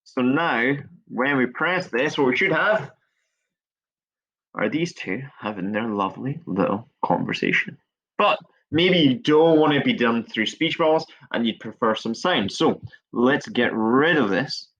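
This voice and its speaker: A male teacher walking through a coding tutorial step by step, chatty and relaxed, shrugging off his own small mistakes. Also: medium pitch, a little slow. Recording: dull lo-fi screen recording.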